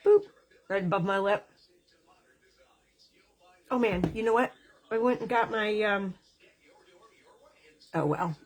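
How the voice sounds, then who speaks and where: Gushing chatty woman in her fifties. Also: medium pitch. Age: 50s. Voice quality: gushing, chatty, quick asides. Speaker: makeup vlogger. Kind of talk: casual makeup tutorial chat. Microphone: camera mic, lapel not worn.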